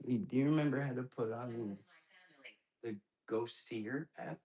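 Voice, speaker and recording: A man's voice: medium pitch, a little slow, mellow, husky. A man hosting a live ghost-hunting stream from an apartment at night, chatting casually and jumpily straight to his viewers. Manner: chatty, jumpy, talks straight to his chat.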